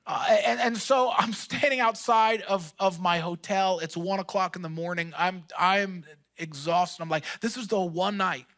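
A male pastor preaching a conversational, story-driven sermon. He swings from loud bursts to hushed asides. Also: sits high, steady tone, moderate pace.

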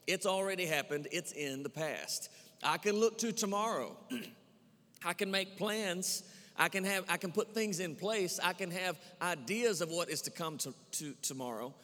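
Earnest pastor in a reverberant church. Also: male voice, high voice, a bit bright. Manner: earnest, repetitive, with frequent "uh" fillers and restarts. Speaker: campus pastor. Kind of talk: sermon and prayer. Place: church sanctuary. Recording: long church hall reverb.

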